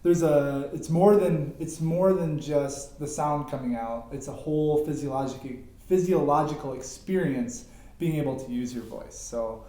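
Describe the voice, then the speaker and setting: A man's voice: fairly high pitch, moderate pace, dark tone. A man hosting a podcast interview, affirming his guest with frequent thanks and murmurs of agreement. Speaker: podcast host. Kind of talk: casual interview talk. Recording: very echoey room.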